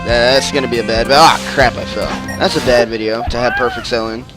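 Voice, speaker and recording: A man's voice: medium pitch, fairly even intonation, a little fast. A man casually commenting while he plays a video game, joking and teasing his friend. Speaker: let's play host. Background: video game music.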